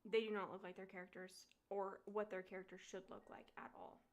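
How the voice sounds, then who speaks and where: A woman in her twenties chatting casually while playing a game, swearing freely and laughing often, reading game lines aloud quietly. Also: medium pitch, flat delivery, brisk. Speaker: streamer.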